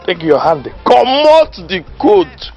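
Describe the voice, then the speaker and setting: An actor playing a boastful, know-it-all village man who lectures his friend in Nigerian Pidgin, loud and laughing at his own jokes. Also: high-pitched, very animated, takes it slowly, soft background music, full character voice. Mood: lecturing. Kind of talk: comedy film acting.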